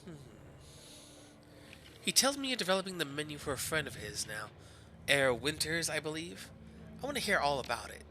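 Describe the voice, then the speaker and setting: Bright-voiced man streamer reading a game. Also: fairly high pitch, very animated, moderate pace, pauses often, slight background noise. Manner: casual, chuckling asides, slight stumbles. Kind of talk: reading a video game aloud. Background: faint background music.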